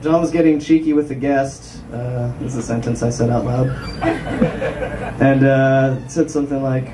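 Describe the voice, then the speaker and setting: A man's voice: medium pitch, steady tone, moderate pace. A young man doing a rambling, self-deprecating stand-up set at a small club. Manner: rambling self-deprecating jokes with frequent ums. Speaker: stand-up comedian. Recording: distant mic with room noise.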